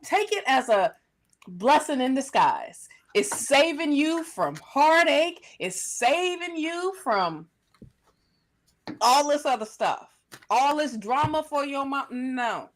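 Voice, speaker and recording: A woman's voice: high-pitched, expressive, slow pace, slight background noise. A woman co-hosting a live tarot stream, giving emphatic, sassy advice in casual slang. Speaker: tarot reader co-host.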